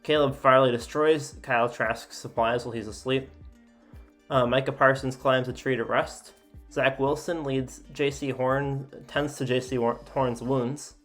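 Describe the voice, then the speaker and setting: A man with an ordinary mid-range voice hosts a casual sports commentary, reading event after event aloud. He fills gaps with "uh" and drops offhand remarks in between. Faint music plays quietly behind him. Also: mid-range voice, steady tone, measured pace. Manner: reads events aloud with frequent "uh" fillers and asides. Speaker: sports YouTuber.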